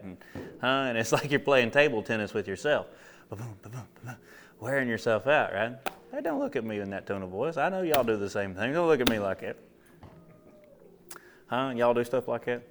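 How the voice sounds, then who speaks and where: A man's voice: mid-range voice, big pitch swings, normal speed, slight background noise. A man preaching a casual sermon to a live audience. He tells stories, asks rhetorical questions and acts out his own inner dialogue. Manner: conversational storytelling with rhetorical questions.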